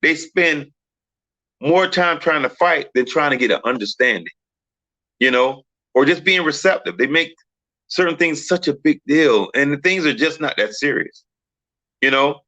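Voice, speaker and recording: A man's voice: fairly high pitch, lively intonation, moderate pace, bright, forceful tone, dry recording, poor audio. A man hosting a casual discussion, telling stories animatedly and acting out quoted voices. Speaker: podcast host.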